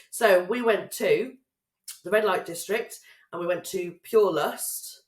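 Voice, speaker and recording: A woman's voice: medium pitch, moderate pace. A young woman co-hosting a podcast, telling travel stories and teasing her friend. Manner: teasing storyteller, sweary. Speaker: podcast co-host. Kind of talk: casual chat. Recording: echoey room.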